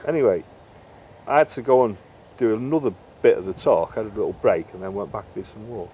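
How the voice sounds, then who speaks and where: A man's voice: lowish voice, brisk, mellow, a little hiss or hum. A middle-aged man, a guest in an interview, telling fishing stories in a chatty way and acting out the dialogue. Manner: chatty anecdotal, acts out quoted dialogue. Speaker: interview guest, carp angler and bait maker. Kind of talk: casual storytelling interview.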